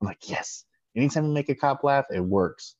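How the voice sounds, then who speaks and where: A man's voice: mid-range voice, lively intonation, brisk, a little mellow. A man co-hosting a podcast, telling a story in casual chat and acting out both sides of the dialogue. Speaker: podcast co-host. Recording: dull lo-fi sound.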